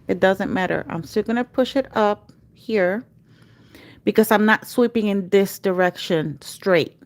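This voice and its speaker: A woman's voice: mid-range voice, a little slow, a little mellow, no room sound. A woman teaching a live nail art class, giving patient step-by-step instructions and chanting repeated cue words as she works. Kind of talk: livestream tutorial.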